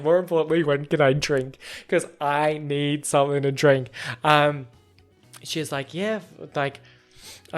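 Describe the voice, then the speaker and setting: Young male podcast host, higher register, lively casual storyteller, light music bed. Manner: animated, acts out quotes in a higher voice.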